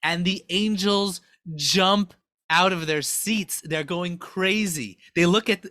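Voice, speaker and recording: A man giving a Torah class who acts out a story with rising excitement. His voice sits a bit high and sounds bright. The recording is dry and close. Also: slow pace, no room sound. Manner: excited, dramatic retelling. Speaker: Torah teacher.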